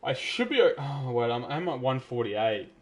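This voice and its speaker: A man from South Australia with an Australian accent, giving chatty, excitable live commentary while streaming a game. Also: medium pitch, normal speed. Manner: chatty, excitable, self-interrupting. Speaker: gaming streamer.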